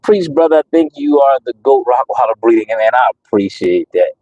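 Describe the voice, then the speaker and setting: A man's voice: medium pitch, expressive, brisk, warm tone, no room sound, muffled recording. A man who breeds dogs, talking casually to viewers on his channel, emphatic and preachy, repeating himself with lots of fillers. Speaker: dog breeder and channel host. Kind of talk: casual livestream talk to viewers.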